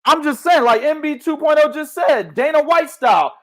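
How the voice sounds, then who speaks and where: A young man hosting a boxing chat with a high voice that leaps all over the place. His talk is loud, slangy and full of swearing, swinging from low mutters to full shouts. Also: lively intonation, moderate pace. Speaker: host of a boxing talk show. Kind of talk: casual boxing chat with heavy profanity.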